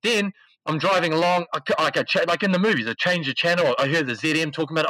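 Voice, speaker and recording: Animated New man telling a story. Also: on the high side, fast talker, dry recording, poor audio. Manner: animated, slangy, acts out quotes. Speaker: podcast guest, esports CEO. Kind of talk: casual storytelling.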